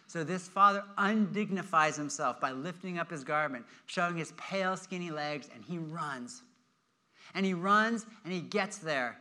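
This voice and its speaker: A man preaching a sermon, telling a story with animated delivery and acting out the characters' lines. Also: high-pitched. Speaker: pastor.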